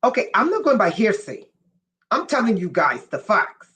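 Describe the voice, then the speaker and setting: A woman giving a live-streamed spiritual lecture, speaking emphatically, repeating key lines slowly for effect, and asking her viewers questions as she goes. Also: medium pitch, big pitch swings, fairly bright tone, poor audio. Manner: asks listeners questions. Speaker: spiritual teacher.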